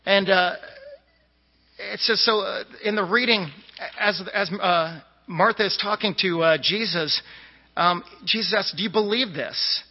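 A man's voice: high voice, unhurried. A man from the Boston area giving a conversational sermon, with asides and plenty of fillers. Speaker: lay preacher. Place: church sanctuary. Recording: dull echoey church recording.

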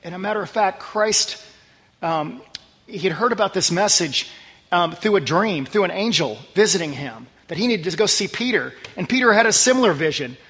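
A man preaching a sermon as pastor, talking conversationally and earnestly, dropping low and quiet on scripture verses. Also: lively intonation, normal speed, breathy edge, long reverb tail.

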